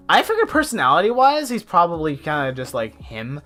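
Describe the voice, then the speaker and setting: A man's voice: on the high side, huge pitch swings, brisk, sharp tone. A young man chatting casually on his art live stream, rambling with lots of fillers. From United States. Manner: chatty, rambling, many fillers, laughs often. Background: faint lo-fi music.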